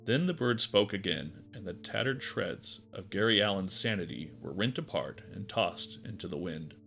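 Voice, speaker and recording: A man narrating a dark story in a measured, expressive way. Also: low-pitched, creaky, faint music behind. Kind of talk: dramatic audiobook narration.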